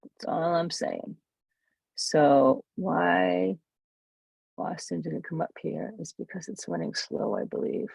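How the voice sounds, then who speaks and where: Workshop presenter, casual walkthrough, mid pitch with some vocal fry, self-correcting as they demo. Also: fairly even intonation, slow pace, a little mellow, no room sound. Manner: thinks aloud, self-correcting while demonstrating. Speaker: camera club workshop presenter.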